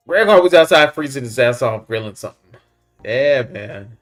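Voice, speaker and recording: A man, hosting a casual livestream, reading the chat in a laid-back way, chuckling often and calling people "man" and "buddy". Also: mid-range voice. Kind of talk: casual live-stream chat.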